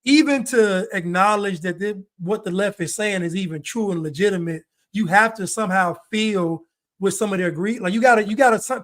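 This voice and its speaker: A man's voice: sits high, a bit bright. A man hosting a podcast, talking bluntly and emphatically in casual chat, laughing often. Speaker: podcast host.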